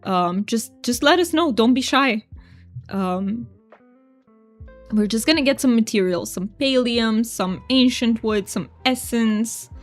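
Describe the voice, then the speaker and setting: Her voice sits on the high side and she talks slowly as she plays a cozy game on stream. Soft music plays behind her while she chats casually, giggles, and reads viewer messages out loud.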